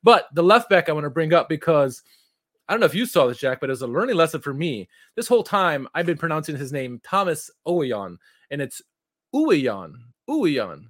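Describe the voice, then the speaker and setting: A man's voice: fairly high pitch, lively intonation, fast, dry recording, studio quality. A man co-hosting a football podcast, talking loosely and correcting himself as he goes. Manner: rambling, self-correcting, loose. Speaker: podcast co-host. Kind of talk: casual football podcast chat.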